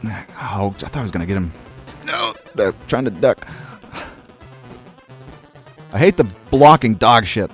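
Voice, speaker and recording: A man from Maine in his thirties talks over a retro game in loose, rambling, profanity-laced commentary. His voice sits fairly low and his tone is wry and easygoing, with faint game music behind him. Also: animated, unhurried, long pauses. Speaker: host. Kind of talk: casual let's-play commentary.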